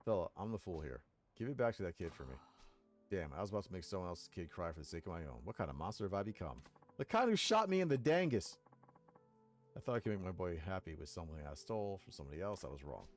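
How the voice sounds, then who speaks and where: A man voicing a gruff small-time yakuza thug who is also a father, talking tough in street slang, with faint game music behind. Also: low-pitched, sing-song, fast. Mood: pleading. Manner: tough street talk turning to pleading.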